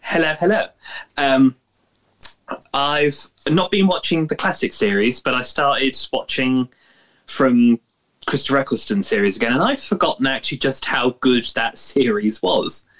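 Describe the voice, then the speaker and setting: A man's voice: medium pitch, expressive, a little slow, a bit bright. A man on a podcast panel chatting casually, laughing often and apologizing in a joking way.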